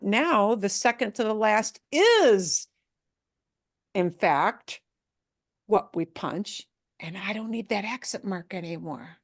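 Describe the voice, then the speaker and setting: Woman, Spanish teacher, slow deliberate delivery, dry close sound, playful repeats. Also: mid-range voice, expressive, dry recording. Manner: playful, drawn-out repeated words. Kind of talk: pronunciation lesson.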